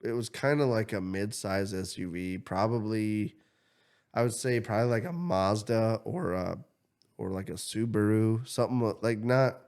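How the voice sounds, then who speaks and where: Male podcast host, lively storyteller who swears a lot and voices his characters. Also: fairly low pitch, moderate pace. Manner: animated, swears freely, acts out quotes. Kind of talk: casual storytelling chat.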